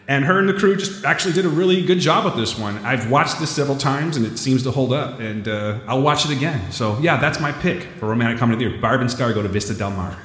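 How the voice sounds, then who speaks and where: A man's voice: medium pitch, fast talker, hardly any pauses, fairly bright tone, reverberant, big-room sound. A man co-hosting a podcast, chatting casually and joking about his movie award picks. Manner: joking, self-mocking banter. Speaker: podcast co-host.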